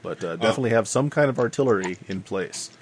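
A fairly low-voiced man runs a tabletop game, describing the scene in a measured way with frequent pauses. There is a faint hiss of noise behind him. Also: expressive. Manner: measured, full of filler pauses. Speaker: game master.

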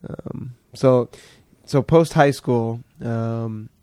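A man's voice: mid-range voice, very slow, mellow, smooth, no echo, clean studio sound. A man hosting a podcast, talking loosely with an old friend and swearing freely. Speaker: podcast host. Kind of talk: casual conversation with a friend.

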